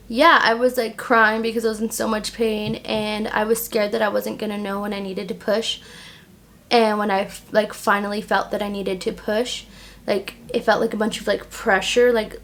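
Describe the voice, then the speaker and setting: A young woman vlogger telling a personal story casually while doing her makeup, filling her talk with "like" and retelling what people said in an animated way. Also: mid-range voice, moderate pace. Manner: chatty, heavy use of "like", animated retelling. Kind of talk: casual get-ready-with-me storytelling.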